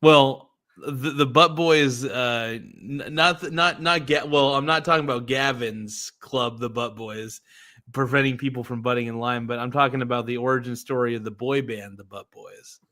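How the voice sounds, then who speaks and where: A man's voice: medium pitch, fairly even intonation, moderate pace, bright, forceful tone. A man hosting a podcast in casual chat, laid-back, cursing and calling his guest dude. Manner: laid-back, swears a lot, says dude. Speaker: podcast host.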